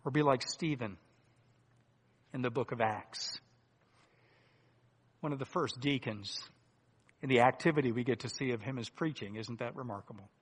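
A man preaching a sermon in a deliberate, earnest way, swinging between loud emphasis and hushed asides. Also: medium pitch, breathy edge. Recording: long hall reverb.

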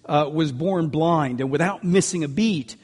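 A man's voice: a little high, unhurried, darkish tone. Older male pastor preaching in a reverberant hall. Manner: earnest preaching with emphatic builds and frequent restarts. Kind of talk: sermon. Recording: long reverb of a large hall.

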